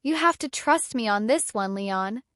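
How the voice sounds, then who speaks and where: A woman's voice: a little high, expressive, measured pace, fairly bright tone, no room sound, studio quality. A woman narrator voicing a guilty young female adventurer who speaks in a trembling, pleading way.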